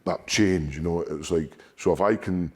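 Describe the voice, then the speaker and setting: A man, a strongman guest, telling stories candidly in an interview, sweary and animated, often repeating words. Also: low voice, normal speed, breathy edge.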